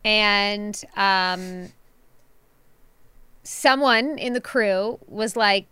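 A woman in casual chat, telling a story in a relaxed way and laughing easily. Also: medium pitch, clean tone, no echo. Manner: relaxed, quick to laugh, conversational.

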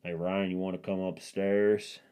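A laid-back Southern plumber, as a man puts him on in a comedy bit, with a slow, matter-of-fact drawl. The voice sits low, and the delivery is unhurried, plainly spelling out bad news about the job. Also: little pitch movement, mellow, clear, resonant tone. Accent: American Southern, put on.

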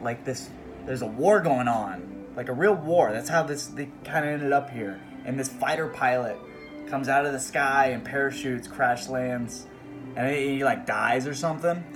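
Profane, rambling man retelling a book. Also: mid-range voice. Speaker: podcast host. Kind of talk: comedic book report.

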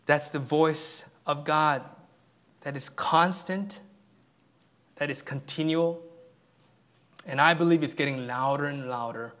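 A male pastor preaching a sermon in an earnest way, dropping to a hush and then rising to emphatic peaks. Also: on the high side, sing-song, drawn-out words, long pauses. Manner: earnest, swings from hushed to emphatic.

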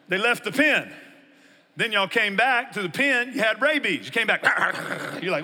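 A man's voice: high-pitched, lively intonation, moderate pace, bright, forceful tone, big-room sound. A man, a pastor preaching a conversational sermon and acting out his listeners' objections.

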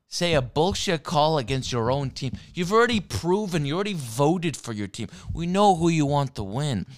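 A man delivering a rambling, profane sports rant, restarting sentences and sipping whiskey as he talks. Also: medium pitch. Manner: rambling, heavy swearing, frequent restarts; sipping whiskey while talking.

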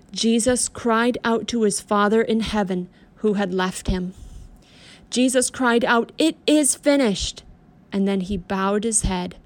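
Gentle woman telling a children's Bible story. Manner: gentle, emphatic storytelling with a lot of pitch movement.

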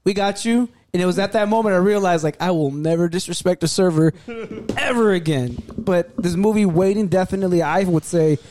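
A man's voice: sits high, brisk, darkish tone, a little hiss or hum. A young man telling a profane, laughing story among friends and acting out the voices of the people in it. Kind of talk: casual storytelling.

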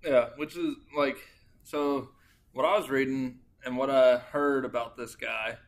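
A man's voice: mid-range voice, steady tone, unhurried. A man co-hosting a podcast, chatting informally about a true-crime case with lots of fillers and agreement. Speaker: podcast co-host. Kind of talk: casual true-crime chat.

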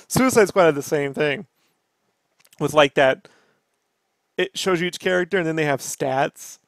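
A man riffs on a podcast in a slightly high voice, profane and worked up as he rants. The sound is close and dry, with no room around him. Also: a little slow, creaky, pauses often, no room sound. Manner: profane, ranting, animated. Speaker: podcast host. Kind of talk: casual podcast chat.

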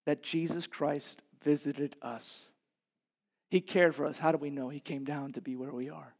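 A man with a somewhat high voice delivers a sermon from the pulpit of a church. He preaches with passion, climbing to loud, emphatic peaks before sinking into quiet, low passages. He keeps the congregation with him through rhetorical questions. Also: steady tone, normal speed. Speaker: pastor.

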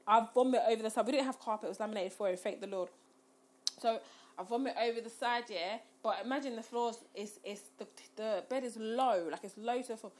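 A woman's voice: on the high side, fairly quick. A young woman telling a story in casual chat, acting out the quotes with rising squeals.

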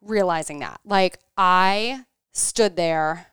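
A woman in her thirties tells a story on a podcast in an animated way, playing out each quoted line. Her voice is very smooth and crisp. The room is dry and close. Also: on the low side, takes it slowly, no echo. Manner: animated, acts out quoted dialogue. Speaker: podcast co-host. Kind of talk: casual storytelling chat.

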